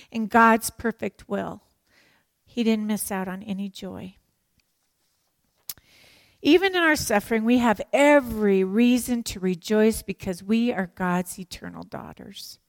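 A woman teaching a sermon to women, animated and emphatic, with playful joking asides. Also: fairly high pitch, a little slow, no room sound. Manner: animated and emphatic, acts out prayers and quotes.

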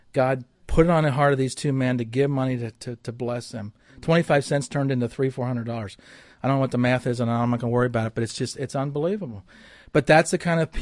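A middle-aged man giving a church talk as a missionary speaker, telling stories in an animated way with frequent restarts. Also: fairly high pitch, no room sound.

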